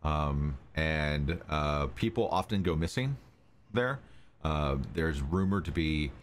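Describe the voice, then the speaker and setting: A man runs a tabletop adventure with an extremely deep voice. He narrates loosely, with frequent ums and uhs, and a faint hiss sits under him. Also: lively intonation, slow pace. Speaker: game master.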